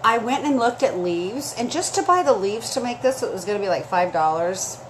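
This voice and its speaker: A woman's voice: mid-range voice, expressive, moderate pace. A woman hosting a chatty live sale stream, gushing and emotional as she talks straight to her viewers, her throat scratchy and dry.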